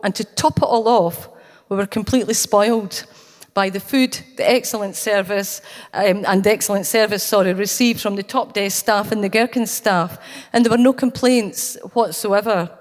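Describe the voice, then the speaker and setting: A Scottish woman speaking at a conference, telling a personal anecdote with earnest, anecdotal warmth. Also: medium pitch, fairly even intonation, normal speed. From Scotland. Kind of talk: storytelling keynote talk. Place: conference hall. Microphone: handheld or stage mic, cutting out. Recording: long hall reverb.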